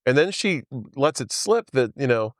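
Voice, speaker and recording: A man with a medium-pitched, sing-song voice speaks at a moderate pace in clean studio sound with no room tone. Hosting a podcast, he casually recaps a film, rambling with many fillers and frequent laughs.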